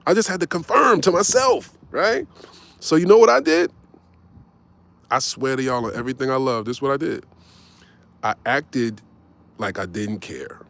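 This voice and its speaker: A man's voice: mid-range voice, measured pace, long pauses. Forties male host, casual profane storyteller, mid-range voice, keeps asking "right?". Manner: animated, swearing, tags lines with "right?".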